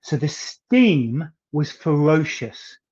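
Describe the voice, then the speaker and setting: A man with a soft northeast English accent and a fairly high voice, telling chatty stories in an interview. His emphasis turns theatrical at times. The audio is slightly muffled and lo-fi. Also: sing-song, slow. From northeast England. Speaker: singer guest.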